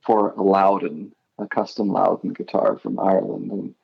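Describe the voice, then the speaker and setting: A man's voice: sits low, flat delivery, normal speed, vocal fry, slightly rough, highs cut off. A middle-aged man from Idaho, a guitarist guest, telling rambling stories in a casual interview and often correcting himself.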